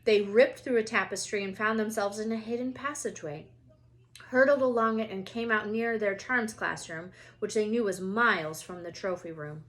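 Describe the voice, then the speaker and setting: A woman's voice: mid-range voice, normal speed. Woman teacher reading a story aloud. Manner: expressive, lively storytelling. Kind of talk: read-aloud of a children's novel.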